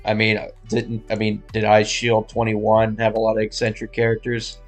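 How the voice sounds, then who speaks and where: Flat gravelly man explaining. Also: fairly low pitch, normal speed, soft background music. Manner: earnest, explaining. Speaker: podcast co-host. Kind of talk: casual chat.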